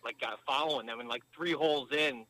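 This man, a podcast guest phoning in while driving, spins loose, profane stories packed with fillers. He speaks fast in a mid-range voice that sounds pushed and bright, over poor audio.

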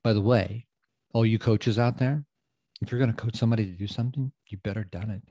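Man, middle-aged coach, mellow dark voice, dry close sound, repeats himself for emphasis. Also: fairly low pitch, quick pace, no room sound. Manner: emphatic, repeats phrases for effect; casual, loose grammar. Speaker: podcast host and coach. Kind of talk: motivational podcast talk.

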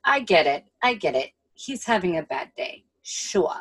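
A woman co-hosting a casual film chat, animated and profane, often acting out lines. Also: fairly low pitch, measured pace, husky. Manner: animated and profane, acts out quotes. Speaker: podcast co-host.

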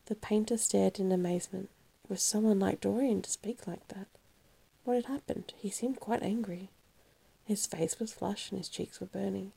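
Gravelly woman narrating a novel. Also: mid-range voice, steady tone, mellow. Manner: measured, dramatic storytelling. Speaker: audiobook narrator. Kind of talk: scripted narration of a classic novel.

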